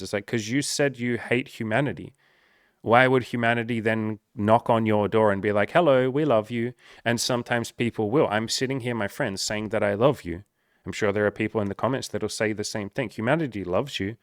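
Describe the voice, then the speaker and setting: Male life coach, lowish voice, dry close sound, frank and swearing. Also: fairly quick, no room sound. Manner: earnest, swears often, acts out quoted voices. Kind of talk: casual talking-to-camera advice.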